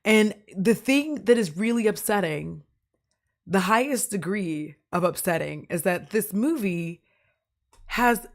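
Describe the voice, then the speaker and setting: A woman streamer, sick with a cough and a voice deepened by illness, chatting with viewers in a rambling way and laughing often. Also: expressive, measured pace. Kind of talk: casual stream chat with viewers.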